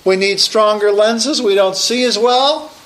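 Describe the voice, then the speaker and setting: A man's voice: high voice, measured pace, fairly bright tone, echoey room, poor audio. A man preaching a sermon, emphatic and raising his voice to proclaim his points.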